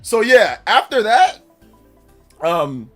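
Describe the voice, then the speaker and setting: A man's voice: high voice, takes it slowly, soft background music. A young man hosting a livestream, casually telling a story in slang and acting out the voices of the people in it. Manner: animated, slangy, acts out voices in his story. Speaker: livestream host.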